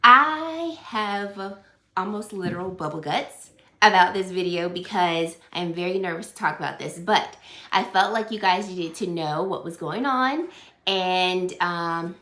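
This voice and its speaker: A woman in her thirties, a beauty vlogger talking casually to camera, emotional and teary, halting with many fillers. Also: on the low side, lively intonation, pushed and bright, reverberant. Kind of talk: casual get-ready-with-me chat.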